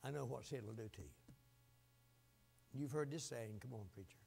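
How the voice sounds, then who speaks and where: An older man preaching a fiery revival sermon, swinging from shouts down to quiet, low asides. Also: moderate pace, vocal fry, a little hiss or hum.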